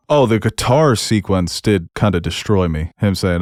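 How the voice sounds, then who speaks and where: Deep-voiced man in casual review chat. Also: fairly quick, hardly any pauses, darkish tone, no echo, studio quality. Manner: laughs often, swears freely. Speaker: podcast co-host.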